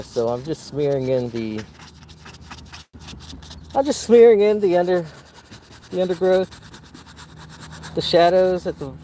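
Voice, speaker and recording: A man painting outdoors in a wildflower field narrates casually for viewers in a wry, playful, meandering way. His voice runs on the high side and sounds warm, with a little hiss or hum in the recording.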